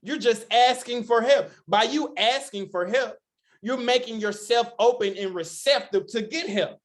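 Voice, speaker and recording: A man with a fairly high voice hosts the call and delivers an emphatic motivational message. He speaks like a preacher, driving his points home with rhetorical questions. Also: measured pace. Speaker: host. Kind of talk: motivational group talk.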